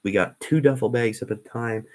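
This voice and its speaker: A man's voice: medium pitch, fairly quick. A man hosting a livestream, telling stories in a casual, meandering way with many ums and restarts. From Canada. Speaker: livestream host. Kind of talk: rambling livestream storytelling.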